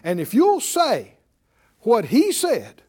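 High, animated male preacher. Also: takes it slowly, slightly rough. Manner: preaches with rhetorical questions to the congregation. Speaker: pastor. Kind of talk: sermon.

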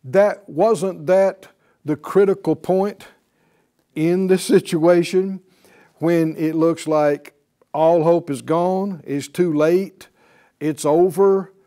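A man's voice: fairly high pitch, slow pace, warm tone. A man teaching a Bible class in a sermon style, emphatic and repetitive, often putting questions to the class.

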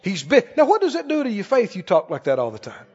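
A man preaching a sermon, swinging from booming scripture reading to quiet, quick asides to the congregation. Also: huge pitch swings. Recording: muffled sound in a long reverberant hall.

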